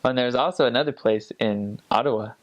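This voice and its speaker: A man's voice: mid-range voice, brisk, lo-fi sound. A young man who served as a missionary tells stories in a casual, rambling way, full of fillers and restarts. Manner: rambling, many fillers and restarts, imitates accents. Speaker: returned missionary. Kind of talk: casual storytelling.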